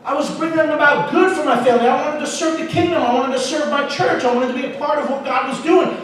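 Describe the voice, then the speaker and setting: A man preaching to his congregation, his fairly high voice rising into loud emphasis and dropping into soft asides. He stands off the mic, so the sound is distant and washed in heavy church-hall echo. A faint hum of room noise sits underneath. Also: quick pace. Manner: storytelling, animated, shifts between loud emphasis and soft asides. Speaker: pastor. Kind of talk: sermon. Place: church auditorium.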